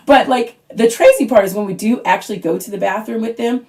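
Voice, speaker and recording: A woman in her thirties tells stand-up comedy stories at home in a chatty, animated way. Now and then she jumps into a squeaky kid voice for her children's lines. Her voice sits in a middle pitch. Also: fast talker. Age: 30s. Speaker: stand-up comic auditioning.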